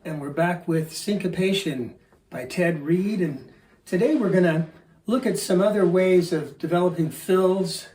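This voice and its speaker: A man in his fifties, a drum teacher explaining and counting off exercises step by step in a relaxed way in his studio. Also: fairly high pitch. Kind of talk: instructional demonstration. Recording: echoey room.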